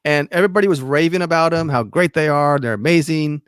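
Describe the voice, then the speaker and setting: A man co-hosting a casual live stream chat, halting and stumbling for words, laughing along. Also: on the high side, smooth, no echo, studio quality.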